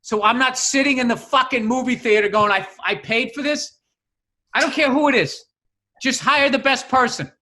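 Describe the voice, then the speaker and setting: A man with a very high, bright voice rants at his co-hosts, swearing freely and picking fights for laughs. He talks in loose, casual podcast banter. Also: a little fast. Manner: profane, combative ranting. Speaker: podcast co-host.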